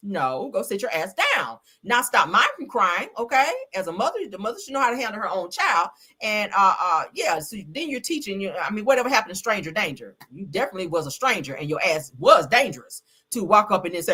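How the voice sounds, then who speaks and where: A woman hosting a livestream, reading news aloud and reacting in a sassy, animated way, swearing and calling her viewers baby and girl. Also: mid-range voice, fairly quick. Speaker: livestream host. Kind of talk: casual news commentary and ranting.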